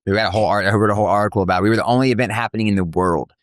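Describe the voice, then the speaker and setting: A man, an MMA promotion CEO, telling stories in a casual interview with animated slang and lots of fillers. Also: lowish voice, dry recording, clean studio sound. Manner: fast, animated storytelling with slang and filler words. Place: cafe.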